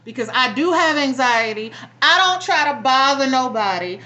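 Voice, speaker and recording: Young woman venting, high bright voice. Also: expressive, moderate pace, muffled recording. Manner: frustrated, blunt, profane venting. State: near tears. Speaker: vlogger. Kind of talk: emotional personal vlog rant.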